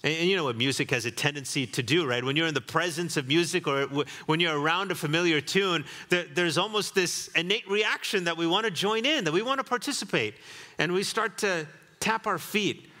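Man, pastor, sermon, bright tone, long reverb of a church hall. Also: on the high side, a little fast. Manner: reflective, builds to emphatic repetition. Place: church sanctuary.

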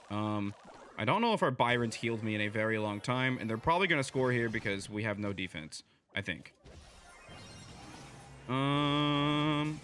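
A young man giving excitable live play-by-play commentary on his own match, chatty and quick, swinging between low mumbling and loud yelling at his teammates. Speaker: gaming video creator.

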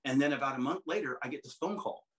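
This musician guest, middle-aged, speaks quickly in a medium-pitched, slightly bright voice, and the audio is poor. In a casual interview he spins long, rambling stories, restarting often and frequently imitating how other people sound.

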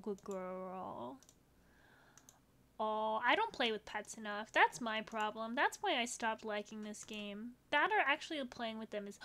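A woman giving excited game commentary, gushing over virtual pets with squealing baby talk, her voice a little strained. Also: on the high side, moderate pace. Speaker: gaming video creator.

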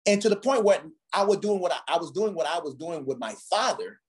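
A man's voice: a little high, expressive, brisk, husky. A man from Ghana, a drummer, telling stories from his childhood in a conversation and acting out the voices of the people in them. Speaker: guest drummer. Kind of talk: storytelling in a conversation.

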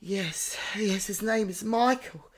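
A woman with a husky voice hosts a comedy podcast, playing a psychic who bellows to spirits and then drops into hushed whispers. Her pitch sits in an ordinary middle range. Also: slow. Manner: theatrical, swinging from loud calls to hushed whispers. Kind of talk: improvised comedy psychic reading.

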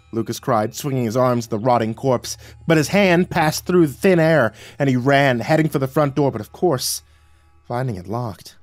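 A man narrating a horror story, swinging from hushed to loud and urgent. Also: mid-range voice, lively intonation, moderate pace.

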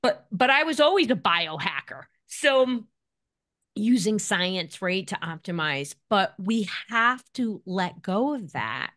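A middle-aged woman speaking as an expert guest on a podcast, animated and acting out the voices she quotes. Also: mid-range voice, slow. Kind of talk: podcast interview.

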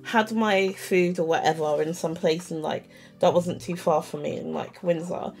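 A woman, telling an animated, self-mocking story in a casual vlog, full of "like" and quoted dialogue. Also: fairly low pitch, normal speed, gravelly, soft background music. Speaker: vlogger.

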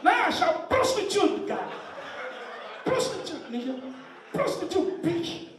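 A man voicing a brash, foul-mouthed young American woman who makes loud demands. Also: very high-pitched, very animated, slow, far from the mic, background noise, pitched above the performer's own voice, full character voice. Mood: brash, demanding. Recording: echoey venue heard from off mic. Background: live audience.

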